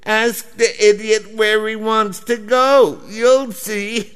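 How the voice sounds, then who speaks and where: A man doing a squeaky prim lady travel agent. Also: steady tone, slow, a bit bright, clean tone. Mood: scornful. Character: prim female travel agent, impatient and sneering. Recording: long hall reverb.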